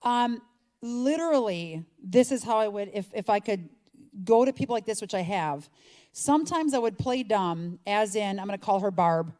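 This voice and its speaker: A middle-aged woman giving a chatty talk to an audience, animated and acting out little exchanges. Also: mid-range voice, normal speed. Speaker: speaker. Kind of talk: conference talk.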